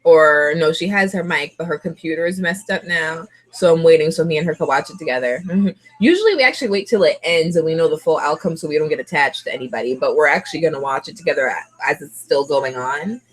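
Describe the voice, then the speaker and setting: A young woman vlogger of Puerto Rican heritage chatting casually to camera, laughing often and gushing like an excited fan. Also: sits low, quick pace, few pauses.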